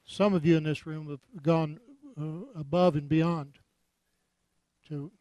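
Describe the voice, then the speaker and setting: Texan guest preacher, male, folksy and joking, slightly high voice, dry close sound. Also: steady tone, slow, warm tone, dry recording. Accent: Texas. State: hot and sweating. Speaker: visiting minister. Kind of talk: sermon and offering appeal.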